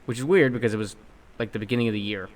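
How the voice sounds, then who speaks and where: Young male podcast co-host, animated, swears, performs quoted lines loudly. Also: on the low side, very fast. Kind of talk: casual storytelling chat.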